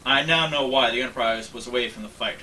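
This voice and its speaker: Brief: man narrating a fan story, bright voice, distant mic, faint background noise. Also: medium pitch. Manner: plain, slightly halting narration. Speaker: story reader. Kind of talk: reading a fan story aloud.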